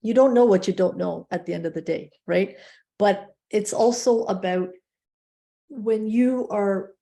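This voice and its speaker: A woman hosting a webinar over a video call, giving calm, affirming coaching advice. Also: mid-range voice, unhurried, creaky. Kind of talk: motivational coaching talk.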